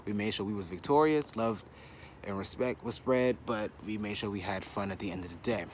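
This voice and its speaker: A man's voice: lowish voice, a little fast, a little hiss or hum. A young man outdoors in a backyard, out of breath, boasting and trash-talking in a wrestling promo vlog.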